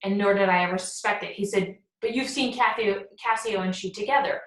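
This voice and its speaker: A woman summarizing a play for a class in a loose, casual way, jumping into the characters' lines as she goes. Her voice sits at an ordinary middle pitch. The room around her is noticeably echoey. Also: brisk, a bit bright. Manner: retells scenes, acting out quotes in paraphrase. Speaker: teacher. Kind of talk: casual plot summary lecture.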